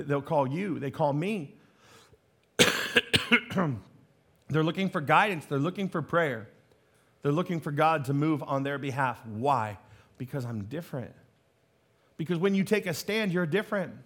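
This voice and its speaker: A man's voice: on the high side, fairly bright tone. A male pastor preaching a sermon, conversational and emphatic, with humorous asides.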